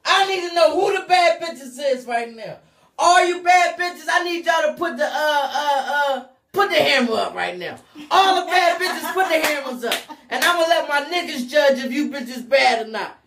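A woman with a Philadelphia accent hosting a live call-in talk show, loud and hyped, shouting to her callers. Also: sits high, lively intonation, normal speed, gravelly, roomy sound. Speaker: radio talk show host.

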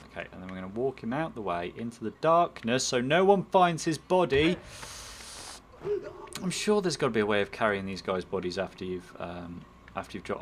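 A man's voice: medium pitch, a little hiss or hum. A man commentating his own game playthrough, rambling and self-mocking, muttering at the game as he plays. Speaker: gaming channel host. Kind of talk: let's play commentary.

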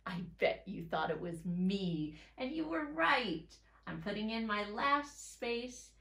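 Slow, echoey woman teaching children to read. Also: mid-range voice. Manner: slow, sounds out letters and words one by one. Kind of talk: reading and writing lesson for young children.

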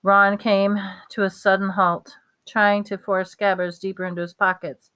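A woman reading a novel aloud at a steady pace, with small slips and restarts. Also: medium pitch, normal speed, smooth. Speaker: reader.

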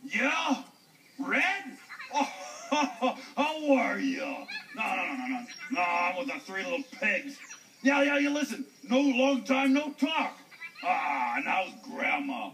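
A man's voice: high-pitched, very animated, creaky, a bit bright, recorded from a distance, slight background noise, full character voice, rough recording. A man voicing a goofy, forgetful male wolf in a children's puppet show, cackling and drawing out his words. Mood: chummy. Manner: cackling, drawn-out, showy.

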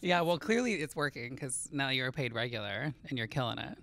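A woman comedian co-hosting a podcast in casual chat, easygoing and quick to laugh. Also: extremely low pitch, expressive, a bit bright.

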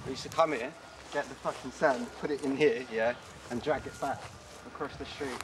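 A man from Poland, chatting animatedly with lots of slang while walking through his childhood neighbourhood. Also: medium pitch. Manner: animated, slangy, quick to laugh. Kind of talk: casual walking tour chat. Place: outdoors on city streets. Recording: street noise and traffic outdoors.

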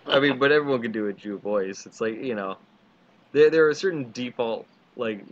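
A man's voice: mid-range voice, normal speed. Rambling man, dull lo-fi podcast mic. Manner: rambling, crude joking, lots of fillers. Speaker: podcast co-host. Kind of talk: casual chat.

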